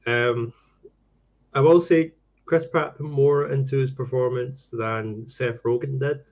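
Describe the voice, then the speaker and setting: A man's voice: mid-range voice, fairly even intonation, measured pace, muffled recording. A man co-hosting a podcast, chatting loosely and filling his talk with "you know" and "like". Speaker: podcast co-host. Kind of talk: casual chat.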